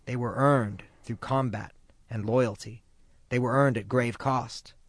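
A man narrating his own memoir of jail life in a measured, somber way. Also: mid-range voice, fairly even intonation, dry recording. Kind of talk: first-person memoir narration.

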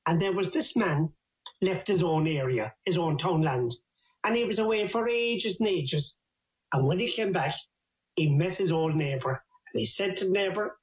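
A man's voice: a little high, expressive, moderate pace. A man from Ireland with an Irish accent, playfully telling folk tales and jokes. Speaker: storyteller. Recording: roomy, slightly dull recording.

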